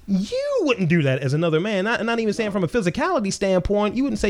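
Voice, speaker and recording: A man's voice: high voice, huge pitch swings, fast talker. A young adult man co-hosting a podcast, telling stories in blunt, profane casual chat. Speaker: podcast co-host.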